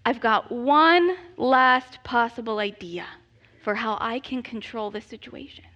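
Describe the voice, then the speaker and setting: A woman in her thirties telling a comedic personal story in an animated, self-deprecating way, laughing often. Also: on the high side, measured pace, dull audio.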